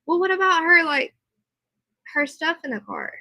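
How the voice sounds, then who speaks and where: A woman live streaming from her computer, reading a news report aloud and chatting with viewers in animated asides. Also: extremely high pitch, normal speed, no echo, low-quality recording. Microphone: computer mic, earbud in for monitoring.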